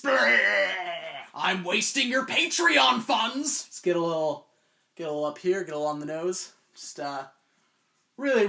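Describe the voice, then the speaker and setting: A man in his twenties hosting a comedic video essay, rambling with self-mocking asides. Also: on the high side. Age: 20s.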